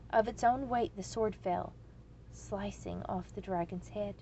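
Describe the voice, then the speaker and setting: Woman narrator, slow storybook reading, slight fry, dull lo-fi sound. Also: medium pitch, mellow, a little hiss or hum. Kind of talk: storybook read-aloud.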